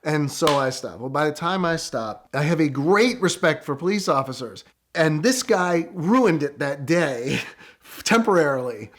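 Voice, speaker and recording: A middle-aged man telling a story in a casual, animated way, with quick excited bursts. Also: fairly high pitch. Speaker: guest storyteller.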